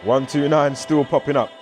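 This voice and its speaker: A man's voice: a little high, unhurried, darkish tone, faint music behind. A man with a British accent, rambling through a casual vlog commentary and reeling off strings of numbers. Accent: British English. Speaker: vlogger.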